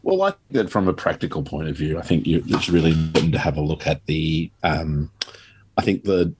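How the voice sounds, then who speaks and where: A man's voice: rumbling low, animated, a little fast, background noise. A man chatting casually on a podcast, rambling and wry as he gives practical advice. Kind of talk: casual chat.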